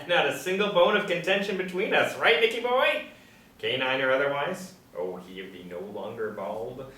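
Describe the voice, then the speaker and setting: Man reading a cocky drifter, folksy swagger, lowish voice, roomy far-off sound. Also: animated, normal speed. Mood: folksy boasting. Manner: swaggering, folksy, with sudden loud bursts. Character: boastful, folksy male drifter, self-styled soldier of fortune. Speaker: table-read actor. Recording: roomy, distant mic, faint background hum.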